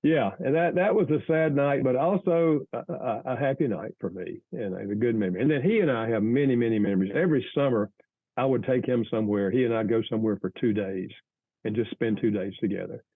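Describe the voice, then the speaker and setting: An older man, a guest author, earnestly telling a family story in an interview, with halting restarts. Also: medium pitch, breathy edge, no room sound, phone-quality sound.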